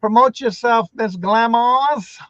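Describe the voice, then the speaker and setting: A man hosting a live stream, warmly greeting each viewer by name in an upbeat, repetitive way. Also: very high voice, a little slow, dry recording, muffled recording. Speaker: livestream host.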